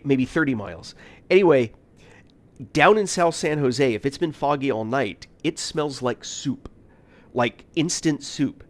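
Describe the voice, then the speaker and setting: A man from the United States, streaming a game and telling casual stories, animated, laughing often and full of fillers. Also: medium pitch. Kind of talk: casual storytelling while gaming.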